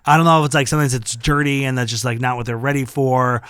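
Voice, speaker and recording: A man's voice: medium pitch, steady tone, fast talker, fairly bright tone, clean tone, no echo, studio quality. A man who does stand-up, telling rambling, profane stories in a casual podcast chat. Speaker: stand-up comedian.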